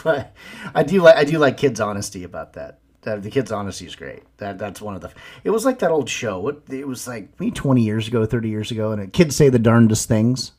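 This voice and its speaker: A man's voice: fairly low pitch, brisk. A man co-hosting a podcast, talking in a casual, jokey way. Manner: animated, jokey storytelling. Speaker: podcast co-host. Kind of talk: casual chat.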